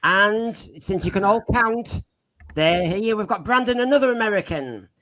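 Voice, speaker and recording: A man's voice: high-pitched, animated, normal speed, sharp tone. A man hosting a podcast panel, jokey and teasing, laughing often. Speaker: podcast host. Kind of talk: comic panel show chat.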